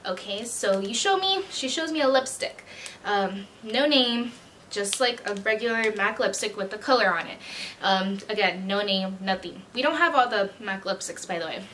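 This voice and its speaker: A woman's voice: medium pitch, lively intonation, normal speed, fairly bright tone, slight background noise. A young woman vlogger telling a retail storytime in a chatty, slangy way and acting out the people in it. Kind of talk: casual storytime chat.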